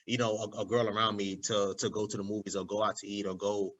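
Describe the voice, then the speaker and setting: A young adult man in a casual podcast chat, talking in an animated, slangy way and often adding "you know what I'm saying.". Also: lowish voice, fast, poor audio.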